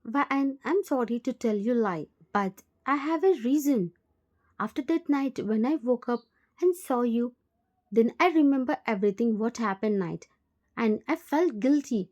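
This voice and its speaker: A woman's voice: fairly high pitch, expressive, normal speed, a little mellow, lo-fi sound, close to an everyday voice. A woman with an Indian English accent voicing a remorseful uncle in his late forties, pleading and full of guilt. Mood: guilty.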